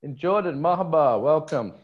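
A man's voice: a little high, lively intonation, moderate pace, dull audio. A man co-hosting a live online conference stream, chatty and jokey. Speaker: conference co-host. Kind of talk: casual live-stream chat.

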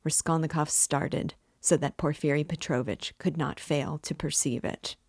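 A woman hosting a reading series, narrating a classic novel aloud in a measured, even way. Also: low voice, breathy edge, no room sound, studio quality. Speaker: book club host reading aloud. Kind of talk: audiobook narration.

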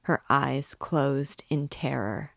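Low, unhurried woman reading a novel. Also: gravelly, dry recording, clean studio sound. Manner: measured, expressive reading. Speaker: book reader and guide. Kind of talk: reading a classic novel aloud.

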